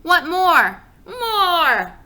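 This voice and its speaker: A stubborn, loud toddler boy who shrieks his demands, voiced by a woman reading a storybook. His voice is very high, sharp and bright, and it swings up and down wildly. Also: big pitch swings, drawn-out words, full character voice, poor audio. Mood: wailing.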